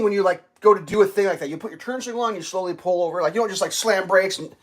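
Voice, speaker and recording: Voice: mid-range voice, very fast. A live streamer telling traffic stories in a rambling, profane rant, full of "like" and acted-out outbursts. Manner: profane, ranting, heavy use of "like"; animated, acts out other drivers in loud bursts.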